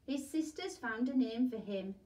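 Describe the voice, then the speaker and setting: A woman teacher reading a rhyming picture book aloud with expressive storytelling. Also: on the high side, moderate pace. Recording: voice distant from the mic.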